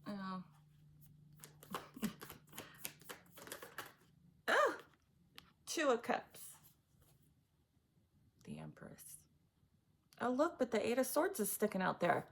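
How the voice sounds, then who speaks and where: A woman's voice: on the high side, very animated, drawn-out words, gravelly, long pauses, a bit bright. A woman doing a casual tarot reading, chatty and blunt, often laughing as she talks. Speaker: tarot reader.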